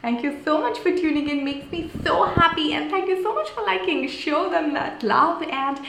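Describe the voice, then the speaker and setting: A woman's voice: extremely high pitch, moderate pace, vocal fry, a bit bright. A woman hosting a casual live stream, whispering and gushing with little giggles from a tiny room. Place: small tiny room indoors. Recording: echoey small room, faint background noise.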